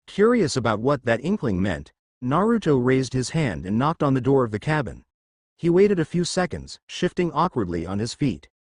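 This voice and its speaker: A man narrating a fan fiction story in an even, unhurried reading voice. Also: mid-range voice, dry recording, studio quality.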